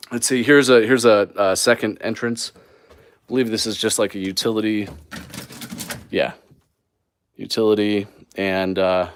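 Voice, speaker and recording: Man, mid pitch, casual live walk-through host, chatty and rambling, phone mic indoors. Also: fairly bright tone, clean tone. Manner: upbeat, rambling, many fillers and restarts. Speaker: mobile home flipper hosting a live stream. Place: indoors in a small mobile home.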